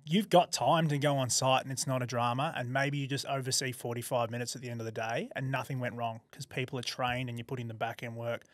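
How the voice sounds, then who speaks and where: A man with an Australian accent in casual podcast chat, blokey and agreeable, quick to back up his partner. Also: mid-range voice, fairly even intonation, no echo, clean studio sound. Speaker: podcast co-host.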